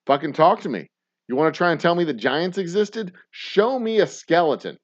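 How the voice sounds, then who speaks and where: A man in his thirties hosting a casual show, ranting profanely, swinging from mumbled asides to loud outbursts. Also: on the high side, expressive, moderate pace, lo-fi sound. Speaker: podcast host.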